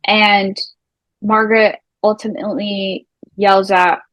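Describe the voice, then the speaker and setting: A young woman recaps reality TV in a loose, animated chat, swearing freely and slipping into the voices of the people she describes. Her voice sits at a middling pitch. The sound is dry and close, with no room around it. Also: slow, dry recording, poor audio. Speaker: recap show co-host.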